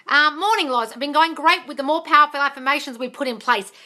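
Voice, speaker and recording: Streaming from home on her phone with a dog barking close by, a woman coaches viewers on manifesting, answering their chat questions. She's blunt and sweary and calls them darling, speaking in a high, bright, forceful voice at a moderate pace.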